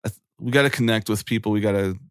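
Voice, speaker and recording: Guest, man in his forties, deep voice, easygoing and earnest, rambles with lots of fillers. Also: very fast, dry recording, studio quality. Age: 40s. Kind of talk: casual chat.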